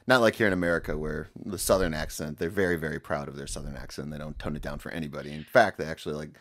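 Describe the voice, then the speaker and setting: A man's voice: extremely low pitch, fairly even intonation, racing, a bit bright. A man from Iowa co-hosting a casual podcast chat, wry and meandering as he talks. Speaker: podcast co-host.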